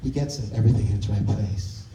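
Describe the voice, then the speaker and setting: A man's voice: fairly low pitch, fast talker, warm tone, a little hiss or hum. A man telling a wry, self-mocking comic story on stage at a live show. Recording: distant roomy live stage recording.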